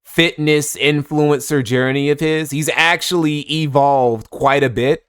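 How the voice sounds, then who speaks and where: Streamer guy with a smooth higher voice, dry close sound, cracking sarcastic jokes over a clip. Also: fairly even intonation, a little slow, a bit bright, dry recording. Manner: sarcastic, teasing asides to the audience. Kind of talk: live stream commentary.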